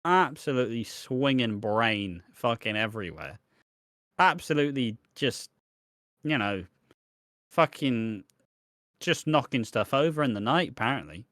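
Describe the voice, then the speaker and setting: A man's voice: mid-range voice, expressive, unhurried, pauses often, fairly bright tone. A man co-hosting a podcast, making blunt, sweary asides in casual chat. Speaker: podcast co-host.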